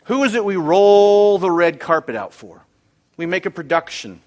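Emphatic male preacher, higher voice. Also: lively intonation, normal speed. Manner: emphatic, repeats key phrases, surges louder on points. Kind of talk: expository sermon.

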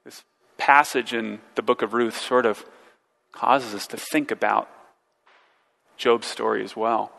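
A man delivers a sermon in a bright, forceful voice, earnest and searching. He often doubles back on his words and poses questions to the congregation. His voice rings with the long reverb of a large hall. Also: fairly low pitch, fairly even intonation, a little slow, vocal fry, long pauses. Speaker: preacher.

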